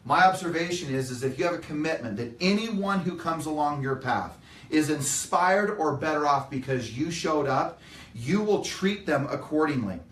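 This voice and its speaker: A man's voice: a little high, animated, moderate pace, fairly bright tone. A middle-aged man giving a motivational talk to a live audience in an earnest, emphatic way, acting out the voices he quotes. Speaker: motivational speaker. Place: meeting room with live audience. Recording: echoey room, mic at a distance.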